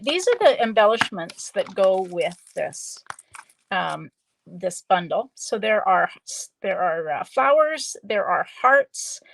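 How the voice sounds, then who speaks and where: A woman demonstrating card-making on a live stream, chatting slowly and thinking aloud as she works. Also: mid-range voice. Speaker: stamping demonstrator.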